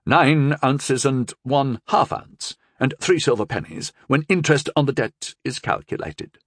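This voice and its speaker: A man's voice: medium pitch, a little slow, a bit bright, no room sound, studio quality, pitched above the performer's own voice. A man voicing a timid, fussy male household steward who speaks precisely and deferentially.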